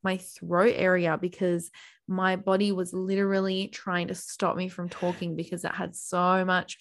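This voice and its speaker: A young adult woman co-hosting a podcast, talking openly and earnestly in casual chat, animated when telling stories. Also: lowish voice, unhurried. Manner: open, earnest, animated storytelling. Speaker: podcast co-host.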